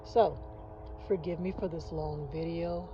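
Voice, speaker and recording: A woman's voice: fairly low pitch, steady tone, a little slow, highs cut off, noisy background. Earnest woman in her fifties, rambling vlog. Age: 50s. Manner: earnest, rambling with many restarts. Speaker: channel host. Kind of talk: heartfelt vlog monologue. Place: at home early in the morning. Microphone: phone, face not shown.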